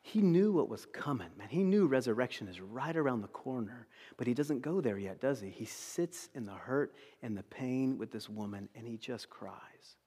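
A man preaching a sermon. He talks in an animated way, swinging between loud emphasis and hushed tones. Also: medium pitch, moderate pace, few pauses, husky, big-room sound. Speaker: pastor.

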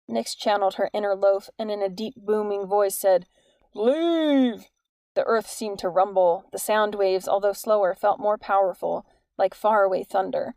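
A woman's voice: medium pitch, creaky, darkish tone, no echo. Woman narrating an audiobook, dry sound. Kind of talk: scripted narration.

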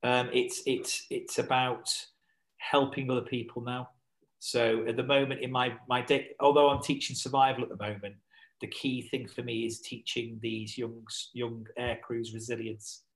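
A man's voice: mid-range voice, level tone, moderate pace, low-quality recording. A man chatting as a podcast guest, rambling with lots of fillers and restarts. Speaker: podcast guest, survival instructor. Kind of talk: casual podcast chat.

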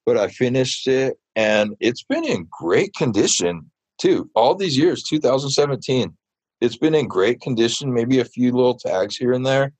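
A man's voice: on the low side, no room sound. Chatty man telling stories, dry sound. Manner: animated, chatty, many fillers. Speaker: muralist interviewee. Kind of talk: casual storytelling.

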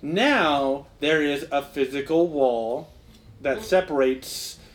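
A man's voice: fairly high pitch, animated, slow pace, slight background noise. Chatty young man running a tabletop game. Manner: rambling, filler-heavy, laughs often. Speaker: game master.

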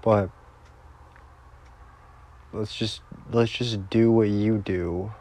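A man's voice: lowish voice, steady tone, drawn-out words, warm tone. A man crying as he records a rambling, profane, heartbroken personal voice message.

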